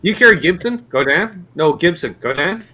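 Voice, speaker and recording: Man playing a comic French Canadian guitar shop clerk, high and lively voice, bright tone. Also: normal speed, slightly rough, full character voice. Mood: bantering.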